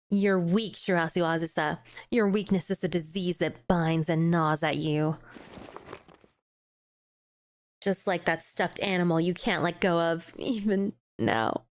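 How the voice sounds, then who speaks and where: A woman voicing a ruthless young female squad commander, reading game dialogue aloud in a calm, measured, contemptuous tone. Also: fairly low pitch, no echo, close to an everyday voice. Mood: taunting.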